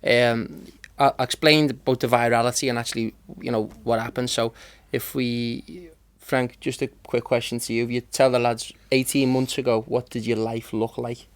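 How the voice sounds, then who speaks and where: Flat-voiced man, matter-of-fact. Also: medium pitch, moderate pace, hardly any pauses. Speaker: manager and son of guest. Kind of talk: casual chat.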